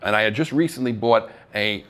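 A man's voice: on the low side, fairly quick. A middle-aged man telling stories of his acting career on stage, acting out the voices of the people he quotes and laughing at himself. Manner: animated storyteller who acts out quoted voices and laughs at himself. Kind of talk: storytelling talk. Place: live event stage.

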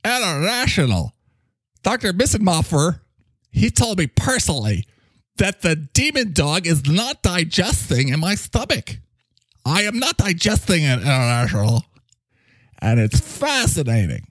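A man voicing an excitable male character who announces gossip in a frantic way. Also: a little high, measured pace, no room sound, voice pushed up, heavily acted.

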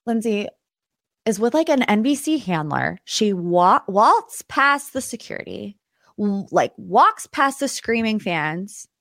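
A young woman hosting a podcast, telling a story in a casual way and acting out quotes in high, excited voices. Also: slow pace, vocal fry, no room sound, studio quality. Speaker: podcast host.

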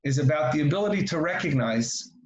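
A man's voice: fairly high pitch, animated, brisk, reverberant, muffled recording. A man giving a Torah lesson, repeating key phrases and asking rhetorical questions. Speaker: Torah teacher.

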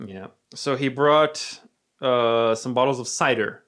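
A man's voice: mid-range voice, takes it slowly, fairly bright tone. A man telling a story in casual chat, rambling, restarting and filling with "like".

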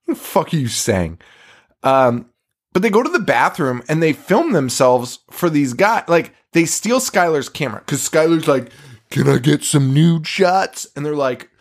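A man co-hosting a casual podcast, retelling a horror movie scene by scene. His pitch swings widely and his delivery is loose and profane. He keeps a sarcastic edge and laughs between lines. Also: very animated, normal speed. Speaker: podcast co-host. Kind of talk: casual movie recap chat.

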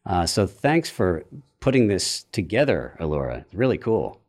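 A man's voice: low voice, very animated, darkish tone. A man co-hosting a podcast, chatting with some "uh" fillers and reading the closing credits. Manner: hesitant in chat with "uh" fillers, brisk when reading credits. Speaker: podcast co-host. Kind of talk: casual chat and scripted show outro.

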